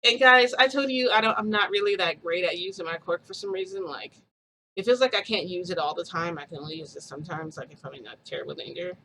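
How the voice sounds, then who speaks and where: A woman vlogger telling a story to her viewers in a chatty, animated way, acting out quoted dialogue. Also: lowish voice, fast, a little hiss or hum, rough recording.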